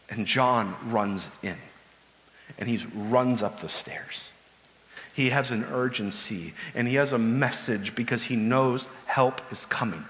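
A man delivering a sermon from the pulpit, earnest and pressing harder as he goes. His voice sits slightly high for a man. A long reverb from the church hall trails after each phrase. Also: pushed and bright. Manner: earnest, builds to urgent pleading. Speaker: pastor.

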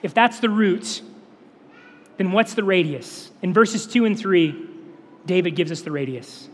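Casting note: young male pastor, high voice, emphatic sermon delivery, big echoing sanctuary sound. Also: lively intonation, a little slow, husky. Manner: earnest, emphatic preaching with repetition. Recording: long hall reverb.

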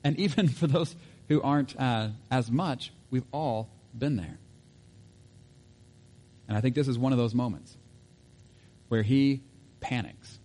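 A pastor delivers a sermon in a casual, conversational manner, full of asides and self-corrections. His voice is mid-range with a dark tone.

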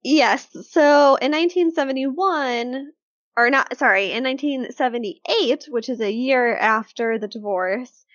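A woman co-hosting a casual true-crime podcast, telling the case in a chatty, animated way with lots of fillers. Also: high voice, unhurried, dry recording, lo-fi sound.

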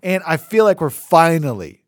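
A man in his thirties, co-hosting a podcast in casual chat, animated and laughing, slipping into other voices as he tells stories. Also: on the high side, normal speed, no echo, studio quality. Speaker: podcast co-host.

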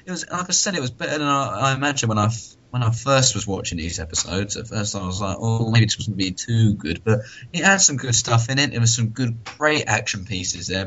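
Tiefer Mann, lachend im Podcastgespräch. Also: male voice, fairly low pitch, a bit bright, slight background noise. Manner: laughs often and acts out quotes. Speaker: podcast co-host. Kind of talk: casual chat. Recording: dull lo-fi sound.

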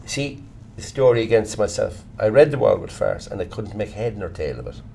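A middle-aged Irish actor being interviewed, talking bluntly and swearing casually as he tells animated stories. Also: lowish voice, moderate pace, vocal fry, slightly rough. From Ireland. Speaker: actor, guest. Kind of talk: candid conversational interview.

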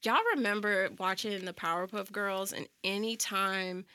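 Young woman, casual co-host, bright tone, lively anecdotes. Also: mid-range voice, moderate pace, clean tone, dry recording. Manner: animated storyteller, acts out quotes with laughter. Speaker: podcast co-host. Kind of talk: casual chat.

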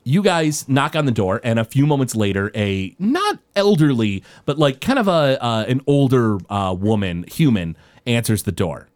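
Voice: medium pitch, big pitch swings, moderate pace, a little mellow. A game master narrating a tabletop game in a loose, rambling way, full of fillers and restarts.

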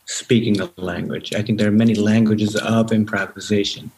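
A man's voice: fairly low pitch, steady tone, normal speed, a little mellow, rough recording. A man, a musician guest, in casual conversation, explaining ideas thoughtfully with many hesitations, over a remote call.

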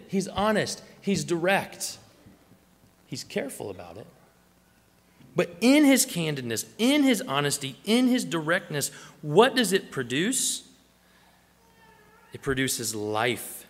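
A man's voice: a little high, wildly swooping pitch, slow pace, pauses often, big-room sound. A man preaching a sermon, telling stories and acting out the voices he quotes. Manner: storytelling, acts out quoted voices. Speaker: pastor.

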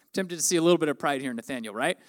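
A man's voice: expressive, fast talker. A man in his forties preaching a conversational sermon, acting out the people in the story. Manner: conversational, acts out quoted lines with raised pitch. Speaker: pastor.

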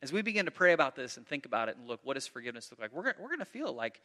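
A man preaching a sermon in an animated way, acting out the voices of the people in his story and often repeating words as he goes. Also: mid-range voice, very fast, hardly any pauses. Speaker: pastor. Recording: long hall reverb.

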